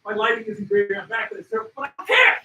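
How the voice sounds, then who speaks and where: A man telling wildlife photography stories to an expo audience, excitable and loud at the peaks, acting out the animals. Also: high voice, rapid-fire, echoey room, far from the mic, poor audio. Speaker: wildlife photographer giving a talk. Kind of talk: animated storytelling presentation. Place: expo hall. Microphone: handheld mic.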